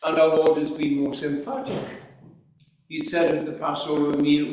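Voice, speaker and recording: A man's voice: fairly high pitch, level tone, moderate pace, darkish tone. A man preaching a sermon in an earnest, emphatic way, asking rhetorical questions. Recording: echoey hall recorded from far off.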